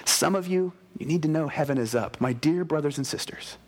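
A middle-aged man delivering a conversational sermon, his voice sitting a little higher than most men's. He preaches in an animated way and talks straight to the people in front of him. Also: brisk.

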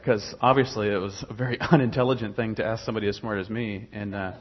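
Husky man rambling through a testimony. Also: lowish voice, steady tone, fast, hardly any pauses, lo-fi sound. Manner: rambling, many fillers and restarts. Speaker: guest telling his faith story. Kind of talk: casual personal testimony.

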